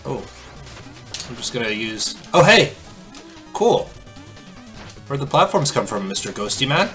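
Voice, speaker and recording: A man's voice: medium pitch, very animated, unhurried, sharp tone, soft background music. A man casually commenting in a playful, chatty way as he plays a video game. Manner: playful, chatty, reacts aloud. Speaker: let's play host.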